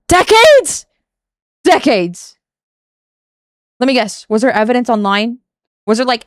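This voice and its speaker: A woman's voice: mid-range voice, clear, resonant tone, no echo, clean studio sound. A young woman streaming a casual reaction commentary, exasperated and rambling, swearing often and breaking into laughs.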